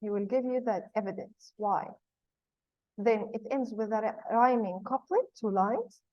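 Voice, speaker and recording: A woman's voice: fairly high pitch, lively intonation, a little slow, dry recording. A woman teaching a poetry lesson, patiently explaining terms and repeating key points. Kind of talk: classroom lesson. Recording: dull lo-fi sound.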